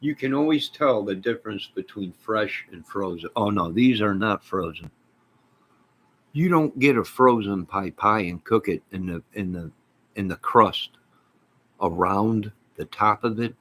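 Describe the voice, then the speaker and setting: A man hosting his own channel, chatting casually to his viewers on a live stream in an excitable, folksy, rambling way. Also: on the low side, unhurried, low-quality recording. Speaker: channel host.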